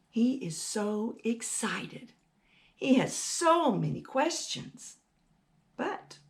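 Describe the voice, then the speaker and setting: A woman with a mid-range voice hosts a children's storytime, animatedly reading a rhyming picture book aloud and asking the children questions along the way.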